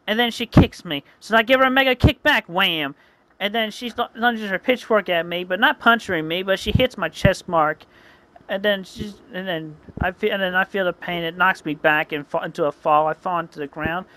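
A man's voice: high voice, moderate pace, bright, forceful tone, low-quality recording. A man earnestly narrating his own comic as a story, often correcting himself mid-sentence. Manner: earnest, frequent self-corrections.

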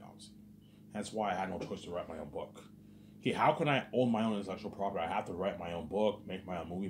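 The recording carries slight background noise as a man with a low, somewhat mellow voice vlogs in a rambling, agitated way. Repetitive by habit, he scatters "obviously" and "man" throughout and curses frequently.

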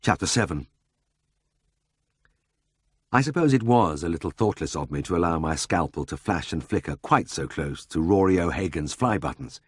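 A man narrating a first-person memoir audiobook in a measured, dry storytelling manner. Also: sits low, lively intonation, slightly rough, dry recording.

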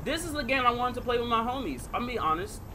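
A man's voice: very high-pitched, big pitch swings, quick pace, noisy background. A man doing horror game commentary as a gaming video creator, jumpy and talking to viewers, yelping and swearing at the scares.

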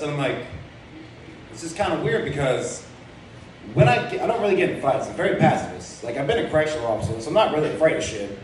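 A young man on a comedy club stage, talking in a rambling, crude, self-mocking way with a slightly higher voice than most men. The sound bounces heavily around the room and is picked up from a distance, with faint ambience underneath. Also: very animated, fast, long pauses, darkish tone, slight background noise. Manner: rambling, filler-heavy, crude and self-deprecating. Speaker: stand-up comedian. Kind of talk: stand-up comedy set. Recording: very echoey club room heard from far off.

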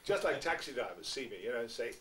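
A man's voice: mid-range voice, expressive, fast talker. A man in his sixties, a guest actor, telling wry, self-mocking anecdotes to fans in a theatrical way. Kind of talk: anecdotal storytelling. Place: small packed venue, indoors. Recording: distant amateur recording with faint hiss.

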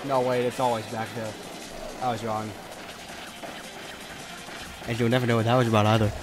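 A man's voice: medium pitch, level tone, moderate pace. A man giving casual, jokey commentary over a video game with a friend. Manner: jokey, playful banter. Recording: game music behind.

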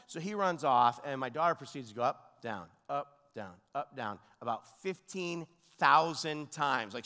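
A man preaching as a guest pastor, telling a story and acting out the voices, dropping to a hush and then rising to loud cries. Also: medium pitch. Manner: animated, acts out voices, swings between hushed and shouting. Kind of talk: storytelling sermon. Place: large church hall. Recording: long hall reverb.

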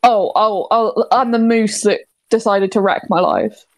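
A woman's voice: medium pitch, a little slow, dry recording. A British woman hosting a gaming stream, chatting casually and laughing often into a close mic. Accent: British English. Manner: giggly, bubbly, laughs often. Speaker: streamer host.

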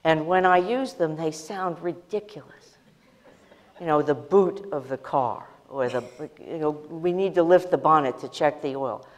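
A woman's voice: sits low, in a large hall. Frank American woman on a panel. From United States. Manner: frank, joking, quick asides. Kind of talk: panel discussion.

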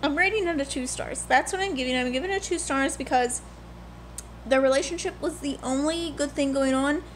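High-pitched young woman, casual vlog chat, candid and rambling, faint background hiss. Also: brisk. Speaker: book vlogger.

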